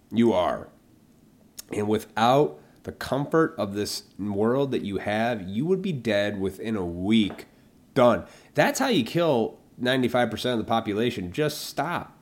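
A man hosting a podcast alone, ranting with a lot of profanity and mockingly acting out the imagined people he argues with. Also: fairly low pitch. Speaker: podcast host. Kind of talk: solo podcast rant.

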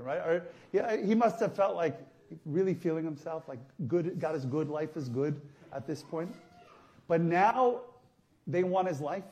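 A male priest giving a conversational sermon, going from soft, quiet asides to loud emphatic passages. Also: on the high side. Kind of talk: sermon teaching.

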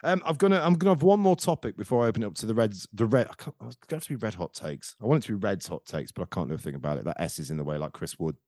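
A man's voice: lowish voice, animated, very fast, few pauses, a little mellow, dry recording, clean studio sound. A man hosting a casual football podcast, telling rambling, jokey anecdotes. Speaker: podcast host.

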